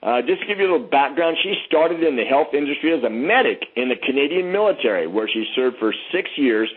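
A man's voice: medium pitch, animated, quick pace, slightly rough. A man hosting a conference call, introducing a guest with effusive praise and frequent restarts. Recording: phone-line conference call.

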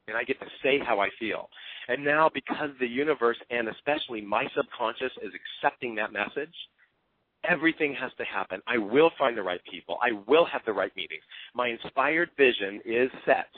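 A man's voice: mid-range voice, expressive, normal speed, slightly rough, no room sound. A man giving an earnest, openly emotional motivational talk as a team coach. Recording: tinny phone-line sound.

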